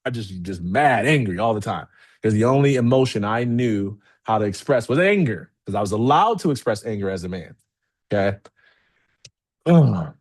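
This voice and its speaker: A man giving a motivational talk as keynote speaker to a live audience, candid and energetic, often checking in with "okay?". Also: fairly low pitch, normal speed, husky. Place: event room with a live audience.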